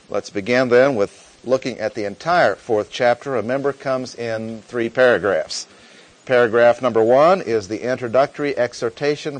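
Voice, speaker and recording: A man's voice: medium pitch, no room sound, rough recording. Methodical male Bible teacher, dry sound. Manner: methodical, outlining points and verses. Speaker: pastor.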